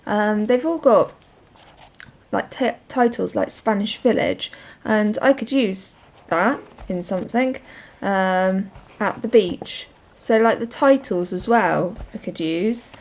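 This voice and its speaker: A woman's voice: medium pitch, a little mellow. A young woman chatting casually through a show-and-tell of her journal and crafts, rambling with lots of ums. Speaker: crafting vlogger.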